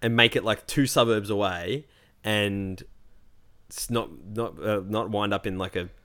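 Male podcast co-host, lowish voice, loose self-deprecating anecdotes. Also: a little slow, fairly bright tone. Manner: rambling, self-mocking storytelling. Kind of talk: casual chat.

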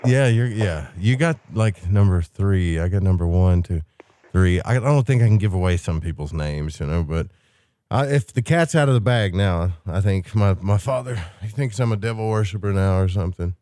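Low mellow radio host guy, rambling, dry sound. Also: lively intonation, moderate pace, dry recording. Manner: rambling, loose storytelling with fillers. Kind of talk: casual radio chat.

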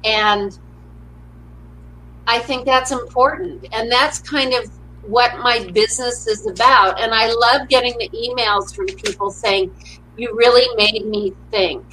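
Her voice sits on the high side and sounds sharp, with fairly even intonation and a slightly slow pace, and the audio is poor. She's a middle-aged motivational speaker in a relaxed interview, sharing cheerful stories and performing the quoted parts.

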